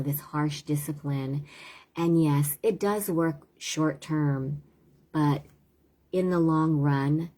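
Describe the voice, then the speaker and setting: Low, husky woman giving earnest advice. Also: dark tone. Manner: earnest, conversational, often asks "right?". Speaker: tutor and parenting speaker. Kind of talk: casual live-stream advice talk.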